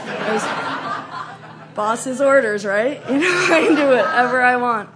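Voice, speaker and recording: A woman with a fairly high voice tells a comic story in an animated way, breaking into shrieks and mock voices as she acts out the scenes. The recording has a clear layer of background noise behind her. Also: normal speed, a crowd in the background.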